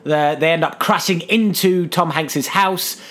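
A man's voice: a little high, unhurried, a bit bright. A man, casually retelling a film plot on a podcast and jumping into silly voices. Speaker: podcast co-host. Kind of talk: casual chat.

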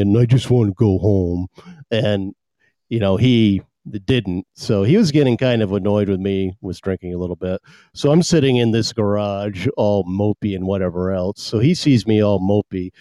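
A man hosting a podcast in casual chat, an animated storyteller who laughs often. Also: on the low side, no echo. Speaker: podcast host.

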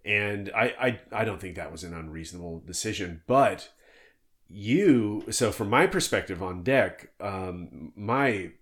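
A man's voice: deep voice, expressive, unhurried, a bit bright. A man hosting a casual interview, telling sailing stories in a rambling way, often stopping himself and laughing. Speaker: podcast host and former tallship captain.

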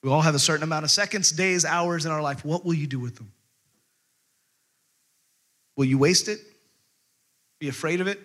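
A man preaching a sermon, retelling a story in a lively, conversational way with casual fillers. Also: fairly high pitch, normal speed, long pauses.

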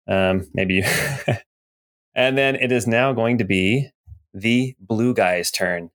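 A man's voice: fairly low pitch, takes it slowly, a bit bright. A man running a tabletop game as game master, narrating in an easygoing way with lots of fillers.

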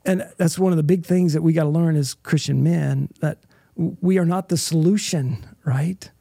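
A man's voice: a little high, steady tone, normal speed, vocal fry, mellow, husky, dry recording, clean studio sound. A middle-aged man, a guest in an interview, telling an emotional personal story in an earnest way and often checking in with "right?".

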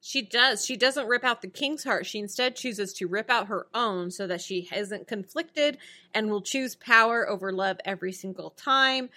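A woman in casual chat, quickly retelling a TV episode's plot and picking at its logic. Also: medium pitch, sharp tone.

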